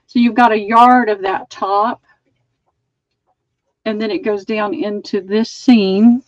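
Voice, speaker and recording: A woman's voice: medium pitch, fairly even intonation, slow pace, no room sound, lo-fi sound. A woman hosting a live online sale, chatting as she measures and describes items. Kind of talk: live-streamed sale pitch.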